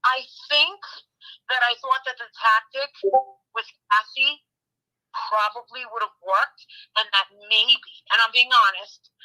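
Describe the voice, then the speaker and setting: A woman tells her story in a loose, excitable chat. She is blunt and swears freely. Her voice sits fairly high, with a piercingly bright edge. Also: a little slow, rough recording. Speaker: guest recounting a visit. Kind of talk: casual chat, animated storytelling.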